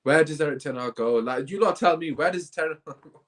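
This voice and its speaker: A man's voice: on the high side, fairly quick. A man hosting a live football reaction stream, talking in a dejected, rambling way with sighs. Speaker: football channel host.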